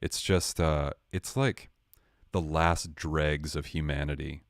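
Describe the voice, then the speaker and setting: A young man with a deep, low-pitched voice rambles through a comedic rant on his livestream. He swears freely, stays sarcastic, and sounds close and dry with no room echo. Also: slow. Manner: rambling, sarcastic, swearing, lively impressions of others. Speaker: livestream host.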